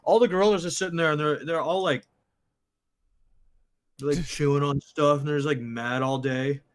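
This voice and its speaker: A man's voice: on the high side, moderate pace. Laid-back, swearing young man. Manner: loose and profane, laughs often. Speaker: podcast co-host. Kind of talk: casual chat.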